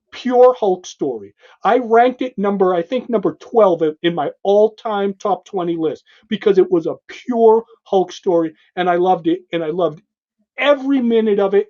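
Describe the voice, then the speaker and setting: Guy with a high voice hyping up an old comic, retelling panels, dull lo-fi audio. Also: darkish tone. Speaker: podcast co-host. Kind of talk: casual comic book review.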